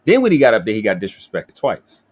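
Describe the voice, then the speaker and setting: A man's voice: fairly low pitch, huge pitch swings, quick pace, a little mellow. A man hosting a live stream, ranting angrily with profanity and frequent restarts. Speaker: livestream host. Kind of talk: heated livestream talk.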